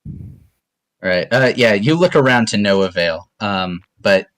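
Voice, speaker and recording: A man narrating as game master of a tabletop game, hesitant and filling pauses with ums. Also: on the low side, lively intonation, a bit bright.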